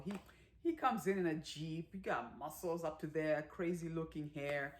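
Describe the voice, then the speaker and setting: A woman giving a casual movie recap, chatty and animated, with lots of fillers and acted-out quotes. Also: low-pitched, moderate pace. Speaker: movie reviewer.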